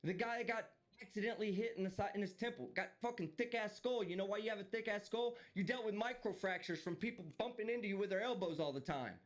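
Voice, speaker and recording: A man's voice: high voice, quick pace, few pauses. A man streaming live, delivering a heated, profane and mocking rant. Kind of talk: ranting live stream commentary.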